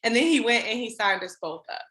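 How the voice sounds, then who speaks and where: A woman in her thirties telling her own story as a podcast guest, candid and animated, acting out her past self in quick asides. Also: a little high, reverberant, poor audio. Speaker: podcast guest, trucking business owner.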